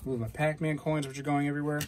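A man hosting a casual hobby vlog, chatting and reacting out loud while he plays a game. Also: on the high side, level tone, fast talker, noisy background. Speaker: coin-collecting channel host.

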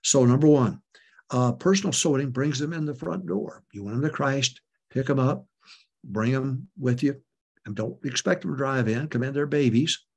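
A man's voice: medium pitch, normal speed, gravelly, darkish tone, husky. An older man, a pastor, giving folksy, emphatic preaching talk to church leaders, chuckling often.

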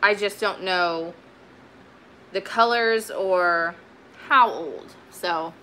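A chatty woman talks through her thrift finds in an easy, rambling way, full of fillers and restarts. Her voice is bright and forward, with a faint hiss in the background. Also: lowish voice, extremely slow. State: sweaty, warm. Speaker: vintage reseller. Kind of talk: casual haul video chat.

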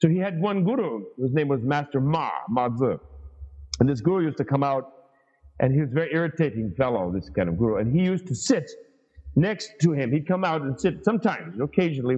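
A man hosting a podcast, teaching Buddhist scripture as a lively storyteller with chatty asides. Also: mid-range voice, slightly rough. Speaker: Buddhist studies professor and podcast host. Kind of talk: teaching talk, reading and explaining a sutra. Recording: reverberant, dull lo-fi sound.

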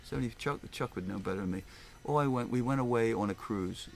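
An older man spins a long, rambling story in his own plain words. He sits for a casual interview and slips into the voices of the people he quotes, his pitch sitting in the middle range for a man. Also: fast talker, vocal fry, a little hiss or hum. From Philadelphia area, US. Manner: animated, rambling, acts out voices. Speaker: record store owner.

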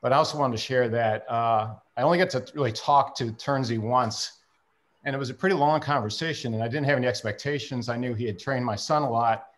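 A man's voice: mid-range voice, fairly quick. A middle-aged father giving earnest, stumbling thanks on a video call. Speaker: father of a hockey player.

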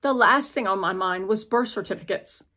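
A woman's voice: mid-range voice, moderate pace, pushed and bright. A woman voicing a worn-out mother who pleads with an official in an earnest, practical way, in a storybook reading. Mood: pleading.

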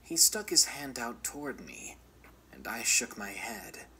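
A man reading a first-person horror story aloud as scripted narration, measured and often dropping to a whisper. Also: mid-range voice, expressive, sharp tone, a little hiss or hum, low-quality recording.

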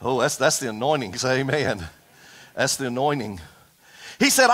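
A man preaching a fiery sermon to his congregation, folksy and animated, calling out for amens. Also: medium pitch, moderate pace, long pauses. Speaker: pastor. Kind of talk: impassioned Pentecostal-style sermon. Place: church service before a congregation.

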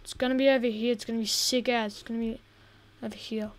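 A woman's voice: fairly high pitch, fairly even intonation, fast talker. A woman giving casual gameplay commentary, chatty and easily exasperated as she plays. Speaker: gaming video host.

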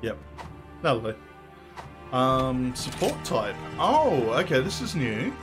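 A man's voice: medium pitch, very animated, takes it slowly, music in the background. A man streaming a video game, giving casual commentary in a joking, crude, rambling way.

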